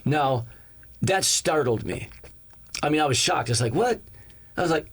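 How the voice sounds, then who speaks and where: A male pastor telling a story to his congregation. His delivery is lively, and he slips into the voices of the people in the story, bouncing up in pitch to play them. His own speaking voice sits at a middle pitch for a man. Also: moderate pace, breathy edge. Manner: animated, acts out each character's lines in the story. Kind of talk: storytelling sermon.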